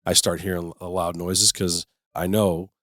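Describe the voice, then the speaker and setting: A man's voice: sits low, flat delivery, a little slow, a bit bright, dry recording. A man co-hosting a casual podcast, telling stories about his kids and swearing casually. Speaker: podcast co-host. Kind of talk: casual chat.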